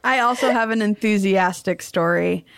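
A woman's voice: mid-range voice, moderate pace, gravelly, heavy background noise. A woman guest on a podcast, telling a personal story in a wry, self-amused way. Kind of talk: casual podcast chat.

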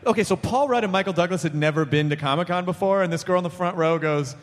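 A man hosting a podcast in casual chat, animated and joking with playful crude language. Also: high-pitched, fast talker. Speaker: podcast host. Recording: echoey room with background noise.

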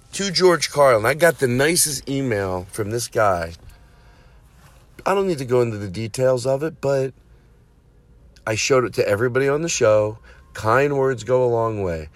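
A man hosting his own show, swearing freely as he rambles and mocks himself. His pitch sits in the middle of the range for a man. He drifts off into asides, then picks the story back up. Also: measured pace. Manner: profane, self-mocking, trails off in asides. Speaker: comedian podcast host. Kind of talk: rambling comedic monologue.

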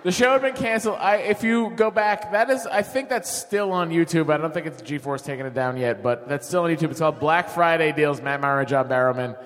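Casting note: male guest, slightly high voice, animated storyteller, hall with long echo. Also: fairly quick, hardly any pauses. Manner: animated anecdote-telling. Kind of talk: live podcast chat.

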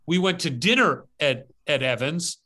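Bright-voiced man telling a story. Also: a little high, normal speed. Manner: animated, acts out his own story. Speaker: podcast host. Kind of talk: casual storytelling. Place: outdoors as rain starts.

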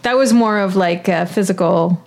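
A woman's voice: fairly low pitch, normal speed, darkish tone. A woman co-hosting a casual chat podcast, speaking loosely with many fillers. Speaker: podcast co-host.

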